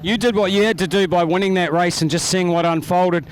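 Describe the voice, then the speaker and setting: Upbeat New Zealand trackside interviewer, high voice. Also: male voice, steady tone, fairly quick, slight background noise. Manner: upbeat, chatty, calls drivers mate. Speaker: pit interviewer. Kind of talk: trackside post-race interviews. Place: outdoors at a speedway.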